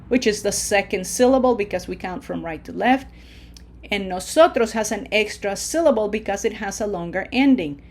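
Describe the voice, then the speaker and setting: A woman teaching a recorded language lesson who is patient, checks in often with "okay?" and "right?", and slows down to model words. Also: medium pitch, darkish tone. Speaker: Spanish teacher.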